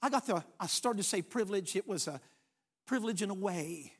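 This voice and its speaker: Emphatic high-voiced preacher. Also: male voice, expressive, brisk, husky. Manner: dramatic storytelling, emphatic, shifts between hushed and loud. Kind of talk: sermon.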